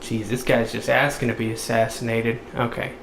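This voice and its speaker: A man's voice: medium pitch, little pitch movement, moderate pace, gravelly, roomy sound, a crowd in the background. A man giving joking let's play commentary, goofy and playful, slipping into silly voices. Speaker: gamer.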